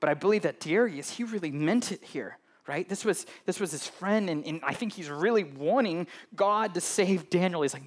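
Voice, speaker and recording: Chatty pastor with a fairly high voice. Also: male voice, lively intonation, normal speed, hardly any pauses. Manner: conversational, tags "right?" often and banters with the congregation. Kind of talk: sermon.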